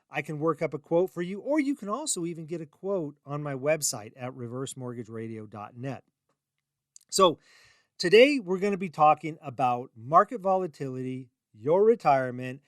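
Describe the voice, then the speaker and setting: A man's voice: on the high side, fairly bright tone, no room sound, studio quality. A middle-aged man hosting his own radio show, talking in a chatty, rambling, self-deprecating way with emphatic rises. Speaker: radio show host and reverse mortgage salesman. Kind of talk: casual talk radio monologue.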